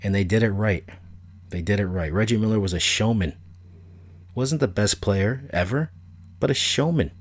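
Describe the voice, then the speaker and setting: A man's voice: on the low side, moderate pace, long pauses. A middle-aged man hosting a solo podcast, talking casually in a blunt, opinionated, rambling way that repeats itself. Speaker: podcast host.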